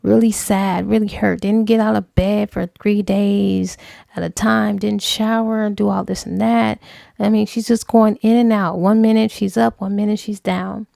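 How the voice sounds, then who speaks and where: A woman book reviewer casually retelling a novel's plot, animated and slipping into acted dialogue. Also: mid-range voice, normal speed, vocal fry, no room sound, clean studio sound.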